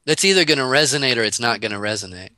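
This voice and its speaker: Lively, bright-voiced man musing playfully. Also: mid-range voice, very fast, no echo. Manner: playful and laughing, rambling with restarts. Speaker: guest. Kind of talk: casual philosophical conversation.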